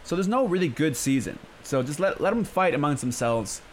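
A man's voice: on the high side, big pitch swings, a little fast, slight background noise. Profane stammering young man ranting. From San Francisco. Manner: profane, exasperated, stammering rant. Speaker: radio host. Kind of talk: ranting radio commentary. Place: radio studio.

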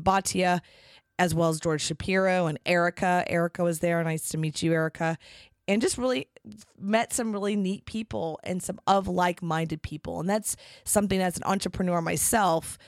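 A woman's voice: on the low side, dry recording, clean studio sound. A middle-aged woman hosting a podcast, talking casually and chattily with lots of fillers. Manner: chatty and animated, many fillers. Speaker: podcast host. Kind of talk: casual monologue.

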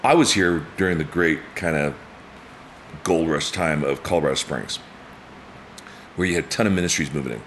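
A man's voice: moderate pace, long pauses, a little hiss or hum. A man in his fifties telling stories in a casual chat, acting out quotes and laughing often. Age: 50s. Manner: animated storyteller, acts out quotes with big pitch jumps, laughs often. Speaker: guest.

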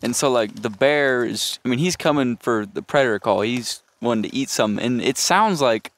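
A young man guesting on a podcast, speaking haltingly with lots of fillers. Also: medium pitch. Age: young adult. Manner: halting, uses many fillers. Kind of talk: casual chat.

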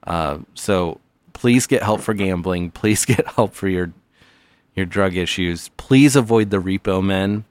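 Brief: male podcast host, deep voice, playful mock sincerity, dry studio sound. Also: measured pace, darkish tone, smooth, no echo. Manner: mock-earnest, playful, stammering. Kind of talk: comedy podcast with call-ins.

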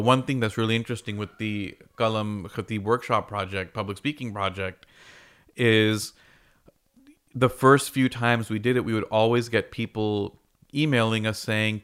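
A man's voice: lowish voice, fairly even intonation, moderate pace, fairly bright tone, smooth. A man hosting a podcast, talking through ideas in a conversational, storytelling way with frequent restarts. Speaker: podcast host. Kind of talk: explanatory podcast monologue.

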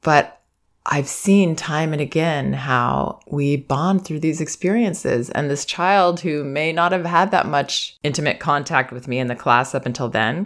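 A woman with a slightly gravelly, fry-touched voice talks through parenting advice in an unhurried monologue. She sounds gentle and reflective. Now and then she slips into the soft, soothing phrases a parent might say to a child. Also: a bass voice. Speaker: parenting educator and podcast host.

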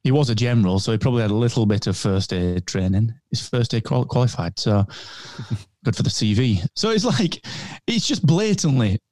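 A man's voice: medium pitch, animated, normal speed, a little mellow, dry recording, clean studio sound. A man co-hosting a fan podcast, rambling and joking through casual banter. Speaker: podcast co-host. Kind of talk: casual chat.

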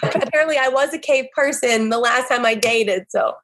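Husky-voiced Southern woman telling stories. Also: high voice, normal speed. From American South. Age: 30s. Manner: animated, exasperated, laughing storyteller. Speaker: podcast guest. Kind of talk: casual storytelling chat.

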